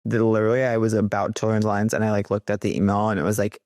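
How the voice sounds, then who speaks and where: A young man co-hosting a podcast, chatting casually with deadpan humor and mock-grand declarations. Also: on the low side, racing, no room sound, studio quality. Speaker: podcast co-host. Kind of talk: casual chat.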